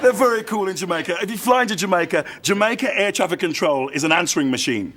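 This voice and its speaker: Lively English Midlands man joking. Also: sits high, fast, noisy background. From England. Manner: joking, animated, laughs through his lines. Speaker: comedian guest. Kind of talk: talk-show interview. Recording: live TV studio with audience.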